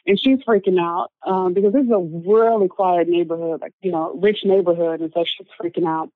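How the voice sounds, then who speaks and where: A woman's voice: lowish voice, brisk, hardly any pauses, no room sound, phone-quality sound. Woman telling her story, lots of "like"s, sounds phone-y and dry. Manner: earnest, frequent filler words. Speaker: interview guest. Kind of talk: personal story told in conversation.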